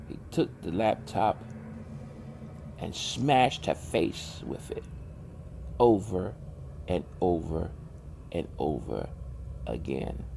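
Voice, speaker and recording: Man, very gravelly, slow drawl, dark tone, casual horror narration, loose grammar. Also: low voice, a little hiss or hum.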